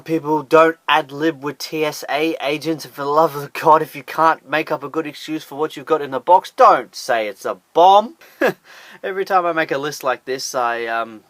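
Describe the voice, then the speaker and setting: A man's voice: fairly high pitch, fairly bright tone, no room sound. A man hosting a scripted top ten countdown, talking in a sarcastic, incredulous way. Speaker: host of a top ten list channel. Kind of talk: scripted list commentary.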